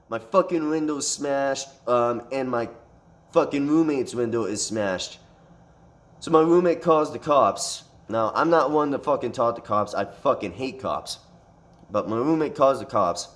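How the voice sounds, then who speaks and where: A man recounts a fight in a loose storytime monologue. He swears in nearly every line and circles back on himself with restarts and fillers as he tells it. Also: medium pitch. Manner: profane, animated retelling with frequent swearing.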